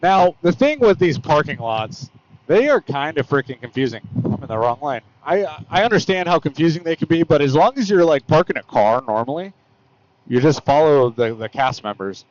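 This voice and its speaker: On a motorcycle cruising open roads, an American vlogger rambles casually, correcting himself often and leaning on fillers. His fairly high voice swings widely in pitch at a moderate pace, and the recording is muffled.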